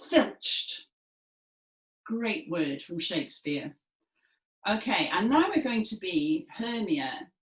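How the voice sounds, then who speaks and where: Slow, encouraging woman leading a class. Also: on the low side, fairly bright tone. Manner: slow, clear and encouraging, with dramatic emphasis. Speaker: movement and music session leader. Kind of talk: instructing a gentle seated movement class. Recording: echoey room.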